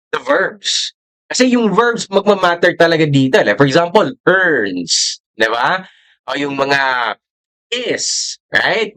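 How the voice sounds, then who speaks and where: A man's voice: high voice, a bit bright, rough recording. A Filipino man with a Filipino accent, teaching a recorded math lesson, mixing in Tagalog and checking with "okay?" after each point. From Philippines. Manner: mixes English with Tagalog, often asks "okay?".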